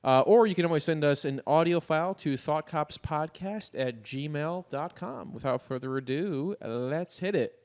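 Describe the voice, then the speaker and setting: A man hosting a podcast, chatting casually and briskly reading out plugs and contact details. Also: fairly high pitch, darkish tone. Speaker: podcast host.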